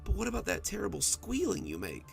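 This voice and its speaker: A man's voice: high voice, huge pitch swings, fast, vocal fry, faint music behind, voice pushed up, full character voice. A man voicing a frightened, childlike little monster hiding under a bed, stammering and blustering in a storybook reading.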